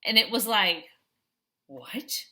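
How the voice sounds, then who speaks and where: A woman's voice: medium pitch, moderate pace, bright, forceful tone. A middle-aged woman life coach in a chatty vlog, telling a story and often checking in with "right?". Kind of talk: casual vlog talk to camera.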